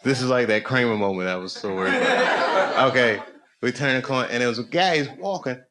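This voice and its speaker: A middle-aged man doing stand-up comedy, telling a story with animated swings between low muttering and loud punchlines, at a live venue with an audience. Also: brisk. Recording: live show with crowd noise. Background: audience laughter.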